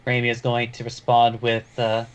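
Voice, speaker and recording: A man's voice: medium pitch, monotone, moderate pace, smooth. A man playing a tabletop game, talking hesitantly with many fillers. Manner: hesitant, lots of fillers and restarts. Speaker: player. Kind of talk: casual tabletop play.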